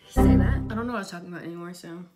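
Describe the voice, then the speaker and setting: A woman's voice: on the low side, very fast. A woman makeup YouTuber chatting casually and rambling in self-deprecating asides while she draws. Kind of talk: casual vlog chat while drawing. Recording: background music.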